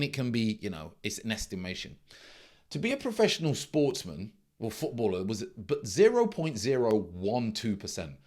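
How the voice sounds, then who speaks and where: A middle-aged man, a trading mentor giving a blunt, emphatic casual monologue that repeats its key points. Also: on the low side.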